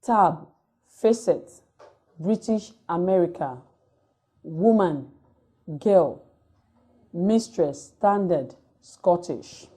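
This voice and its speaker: Woman lecturer, lowish dark voice, reads item by item like dictation. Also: breathy edge. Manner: reads word lists item by item in a measured, dictating way. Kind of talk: recorded distance-learning lecture.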